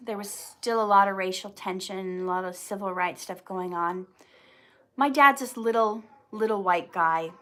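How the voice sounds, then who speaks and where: A woman hosting a casual livestream, clearing her throat often and restarting her sentences as she tells a personal story, sounding teary. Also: medium pitch, fairly bright tone. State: teary, emotional. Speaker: YouTube channel host answering viewer questions.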